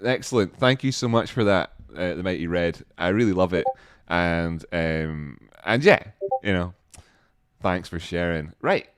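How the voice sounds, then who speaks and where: A man hosting a livestream, chatting casually and reading out viewer comments with jokes and sudden excited exclamations. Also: deep voice, a little slow, clean tone, no room sound, studio quality. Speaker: livestream host.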